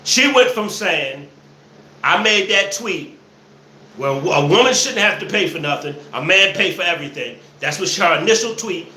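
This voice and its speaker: A man hosting a live show, reacting to clips with loud laughter and mocking commentary. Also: high-pitched, animated, moderate pace. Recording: echoey room, faint noise.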